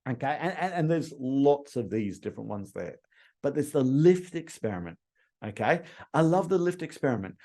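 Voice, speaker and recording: A male sales trainer giving a lively training talk, acting out bits of customer dialogue as he teaches. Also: medium pitch, moderate pace. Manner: animated, acts out customer dialogue.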